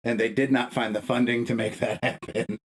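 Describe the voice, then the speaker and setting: A fired-up young man on a podcast, swearing freely and pressing his argument hard. His voice sits at a middling pitch for a man but jumps sharply upward when he gets worked up. It sounds like a loose, casual conversation between friends. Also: little pitch movement, fairly quick, low-quality recording. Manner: profane, emphatic, arguing with rising pitch. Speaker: podcast co-host. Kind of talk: heated casual podcast rant.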